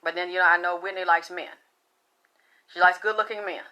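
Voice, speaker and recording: A woman's voice: on the low side, fairly even intonation, fairly quick, sharp tone, highs cut off. A middle-aged woman hosting a casual spiritual talk, blunt and profane, rambling with frequent restarts. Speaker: spiritual talk show host.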